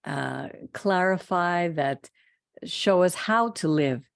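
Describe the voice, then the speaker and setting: A woman's voice: lowish voice, expressive, slow, vocal fry, dry recording, clean studio sound. A woman hosting a Torah study talk, speaking earnestly and with emphasis. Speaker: host of a Torah study program. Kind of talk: teaching talk and closing blessing.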